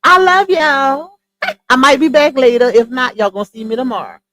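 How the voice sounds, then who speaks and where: A woman's voice: on the high side, fast, a bit bright, no echo. A young adult woman hosting a casual livestream, talking bluntly in slangy gossip about online drama. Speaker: livestream host.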